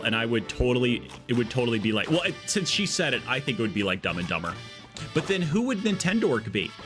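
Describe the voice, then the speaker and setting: A man's voice: medium pitch, fairly bright tone. A man streaming a game live, chatting casually in a rambling, jokey way that drifts off on tangents. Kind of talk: casual live-stream chat while gaming.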